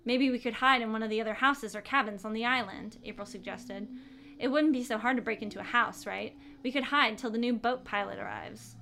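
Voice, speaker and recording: A woman's voice: on the high side, a little fast, creaky, pushed and bright, slight background noise. A woman reading a story aloud during a comedic group reading, cracking dry jokes.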